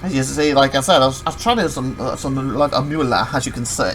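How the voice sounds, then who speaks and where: A let's play host giving casual gameplay commentary, rambling and self-correcting, retelling a mishap with excitement and laughs. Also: medium pitch, quick pace, slight background noise. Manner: chatty, excitable storytelling with laughs.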